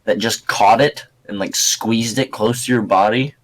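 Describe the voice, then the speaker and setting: A young man co-hosting a casual podcast, teasing his friends with crude, deadpan jokes. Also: on the low side, measured pace. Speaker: podcast co-host. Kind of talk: casual chat.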